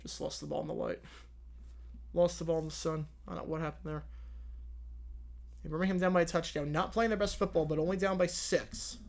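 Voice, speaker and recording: A man's voice: a little high, fairly even intonation, fairly quick, vocal fry, long pauses. Young male streamer, casual drowsy Q&A, rambling delivery. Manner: chatty, rambling, self-correcting. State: yawning, drowsy. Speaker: live-stream host answering chat. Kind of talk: casual live commentary and Q&A.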